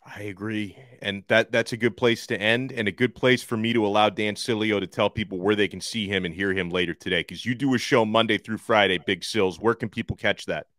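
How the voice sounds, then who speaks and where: A man's voice: fairly low pitch, fairly even intonation, brisk, hardly any pauses, fairly bright tone, dry recording. A man hosting a casual podcast interview, giving short, agreeable reactions and laughing easily. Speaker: podcast host.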